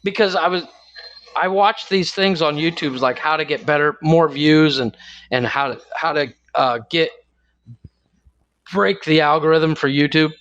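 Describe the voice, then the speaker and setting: A man co-hosting a podcast, chatting casually and telling animated stories with frequent laughs. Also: a little high, unhurried, dull audio. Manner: laughs often, tells animated anecdotes. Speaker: podcast co-host. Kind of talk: casual chat.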